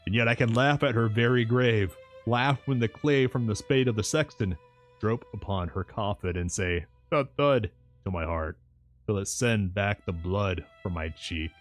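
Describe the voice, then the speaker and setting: A man's voice: on the low side, moderate pace, faint music behind, natural voice. A man voicing an old, grieving male professor who rambles in archaic, broken-English phrasing.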